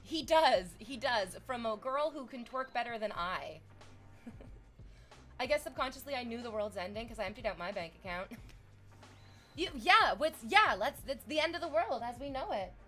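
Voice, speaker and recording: A young adult woman livestreaming casual chat, swearing freely and breaking into excited shrieks and laughter as she reacts to viewers. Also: a little high, moderate pace, faint music behind.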